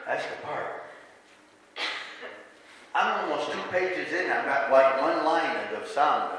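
A man preaching a sermon, animated and talking back and forth with his congregation. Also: a little high, slow pace, heavy reverb, big-room sound, slight background noise, rough recording. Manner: animated, asks the congregation questions and answers them. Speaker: pastor.

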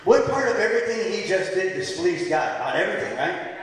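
A man's voice: sits high, sing-song, fairly quick, fairly bright tone. A man preaching a sermon in a church, telling the story animatedly and acting out the quotes. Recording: echoey hall from far off.

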